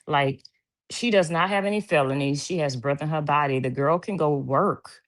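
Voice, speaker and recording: A woman with a low voice hosts a casual livestream from her home. She chats freely and reads viewers' comments aloud, laughing easily. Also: moderate pace. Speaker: livestream host.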